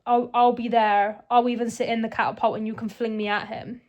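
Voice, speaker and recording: A woman's voice: a little high, level tone, fairly quick, a little mellow, muffled recording. Chatty young woman reading vlogger. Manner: chatty, amused, sarcastic asides. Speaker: book vlogger. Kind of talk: casual reading vlog. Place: home kitchen.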